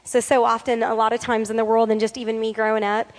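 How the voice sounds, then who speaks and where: A woman giving a sermon, earnest, reading scripture slowly and repeating key lines for emphasis. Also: a little high, flat delivery, big-room sound.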